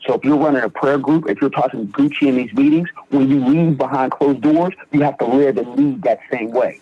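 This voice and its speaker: A man's voice: medium pitch, brisk, hardly any pauses. A young man from Philadelphia telling his recovery story in a podcast interview, acting out quoted dialogue as he goes. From Philadelphia, Pennsylvania. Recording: dull lo-fi sound.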